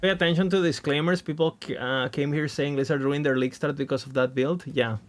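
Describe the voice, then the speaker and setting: Man, game streamer, casual chat, rambling, laughs at himself, slightly high voice. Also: steady tone, a little fast, dry recording.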